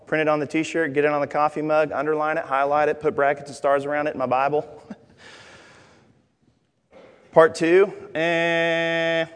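Young male preacher, animated and joking, higher voice, reverberant hall. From Arkansas, USA. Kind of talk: sermon.

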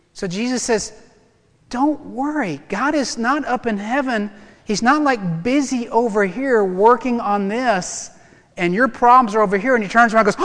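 A male pastor preaching a sermon, animated and emphatic, with touches of humor. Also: extremely high pitch, long reverb tail.

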